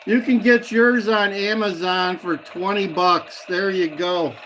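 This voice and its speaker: High-voiced and unhurried, this man speaks with fairly even intonation and a fairly bright tone, with slight background noise. He hosts a casual livestream, rambling to his live viewers, laughing frequently and repeating a catchphrase.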